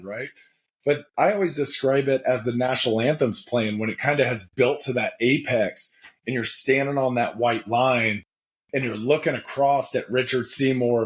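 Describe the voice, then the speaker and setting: Energetic man telling stories candidly. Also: mid-range voice, moderate pace. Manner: energetic, candid, animated retelling. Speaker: podcast guest, former pro football player. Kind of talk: conversational storytelling.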